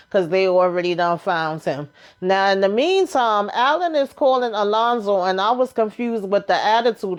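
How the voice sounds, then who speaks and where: A woman giving a casual, colloquial recap of a TV episode, chatty and telling it like a story. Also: mid-range voice. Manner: chatty, colloquial storytelling, acting out characters' lines. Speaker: TV recap vlogger.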